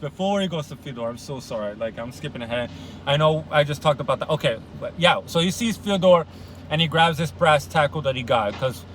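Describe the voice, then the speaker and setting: A man's voice: a little high, a little hiss or hum, rough recording. A man casually recapping a novel, rambling and slangy, swearing and correcting himself as he goes. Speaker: book discussion vlogger.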